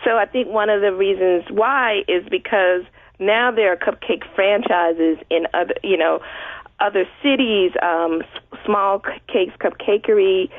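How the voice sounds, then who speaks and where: A woman's voice: lowish voice, no room sound. A woman guest talking in a chatty way with many fillers on a casual radio interview. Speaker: guest blogger. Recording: dry tinny phone-like line.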